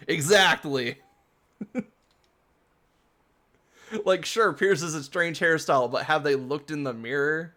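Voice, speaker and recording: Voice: medium pitch, takes it slowly, long pauses, sharp tone. A game streamer giving casual let's-play commentary, chatty and rambling, often breaking into laughter.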